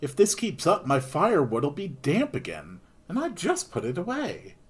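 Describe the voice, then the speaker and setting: A man's voice: a little high, wildly swooping pitch, moderate pace, breathy edge, heavily acted. A man voicing a friendly, talkative older male shopkeeper with folksy, old-fashioned turns of phrase. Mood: grumbling.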